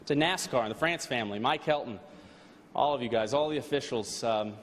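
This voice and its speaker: A man, a race car driver, giving an earnest, halting thank-you speech at an awards banquet. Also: medium pitch. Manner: earnest, halting, with frequent restarts and fillers. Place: large banquet hall. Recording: long hall reverb, faint background noise.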